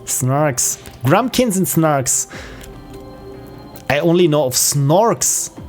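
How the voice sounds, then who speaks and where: A man's voice: fairly high pitch, animated, very slow, a little mellow, soft background music. A streamer musing aloud as he plays. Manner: musing, thinking aloud with fillers. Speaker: game streamer. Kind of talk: casual live-stream commentary.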